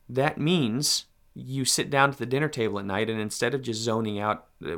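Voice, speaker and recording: A man's voice: medium pitch, a bit bright. A man hosting a podcast, giving earnest, direct advice to fathers in a conversational monologue. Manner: earnest, direct, speaks to fathers in second person. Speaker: podcast host.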